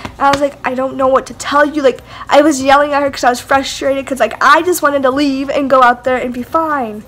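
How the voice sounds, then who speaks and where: A woman's voice: high voice, fairly even intonation, a little fast, fairly bright tone, a little hiss or hum. Chatty young woman, rambling storytime. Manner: rambling, heavy use of "like" and "whatever". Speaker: vlogger. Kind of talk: casual storytime.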